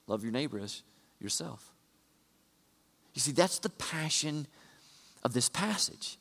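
A man preaching a sermon, shifting from quiet conversational asides to loud, emphatic repetitions. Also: medium pitch, expressive, slow pace, gravelly. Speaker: pastor. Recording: long hall reverb.

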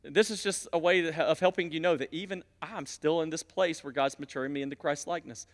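Male pastor, high voice, animated storyteller, long church-hall reverb. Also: fast talker. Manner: animated storytelling, swinging between loud emphasis and quiet asides. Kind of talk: sermon. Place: church sanctuary.

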